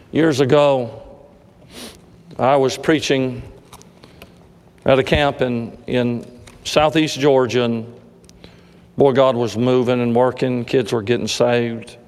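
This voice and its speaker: Man, preacher, sermon storytelling, dramatic loud-and-hushed delivery, long hall reverb. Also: mid-range voice, little pitch movement. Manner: dramatic, swings between loud emphasis and hushed slow passages.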